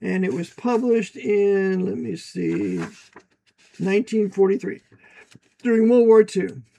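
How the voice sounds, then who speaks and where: A high-pitched American man delivering a preachy monologue. He talks emphatically and swings into loud bursts, then reads passages aloud from a book. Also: slow pace, vocal fry, a little hiss or hum. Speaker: commentator.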